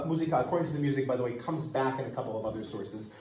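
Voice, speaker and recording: A man giving an academic lecture, lively and animated, often restarting his sentences as he explains a source. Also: mid-range voice, very fast, reverberant, low-quality recording. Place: lecture room.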